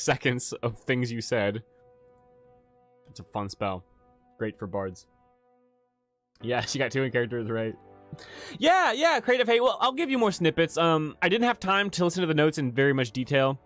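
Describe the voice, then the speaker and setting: A man's voice: medium pitch, fairly bright tone. Man game master, rambling, swearing, restarts a lot, casual stream talk, faint music behind. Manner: rambling, profane, frequent restarts. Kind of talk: casual livestream chat.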